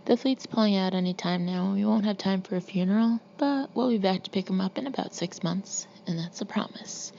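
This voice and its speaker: A woman reading the part of a loud, boastful Marine colonel who mocks everyone around him. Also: medium pitch, fairly quick, creaky, hardly any pauses, dull audio, slight background noise, close to an everyday voice. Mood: mocking. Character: brash hulking male Marine colonel, swaggering.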